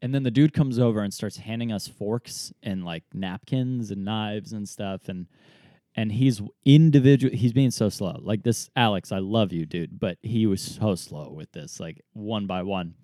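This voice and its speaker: Low-voiced young man telling a story. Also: normal speed, no echo, studio quality. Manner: animated storyteller, acts out quoted people, laughs often. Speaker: podcast co-host. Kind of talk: casual storytelling chat.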